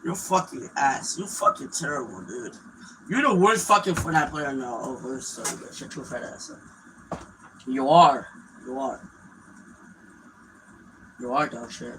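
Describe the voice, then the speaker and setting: A young man streaming a game, mocking and taunting in loud, profane bursts. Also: mid-range voice, animated, measured pace, long pauses, poor audio. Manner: yells in bursts. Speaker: gaming streamer. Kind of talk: livestream gaming trash talk. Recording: clear background noise.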